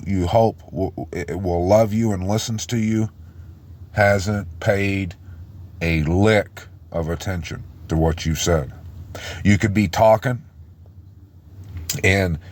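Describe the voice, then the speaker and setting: Low slow guy preaching, choked up, keeps stumbling and restarting. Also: a little mellow. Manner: halting, repeats and restarts words. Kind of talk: informal sermon.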